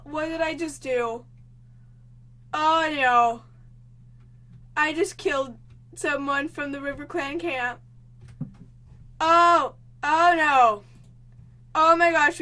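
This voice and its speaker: A young woman talks through a video game, her voice high and bright. She takes her time between lines, then breaks into gasps and panicked cries as things go wrong. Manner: excitable, gasping, panicky exclamations. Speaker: gaming channel host. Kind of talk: let's play commentary.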